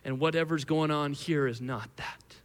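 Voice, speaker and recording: A male pastor preaching a sermon to a live congregation, telling the story in an animated, conversational way with frequent restarts. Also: a little high, normal speed. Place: church hall with a live congregation. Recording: long hall reverb.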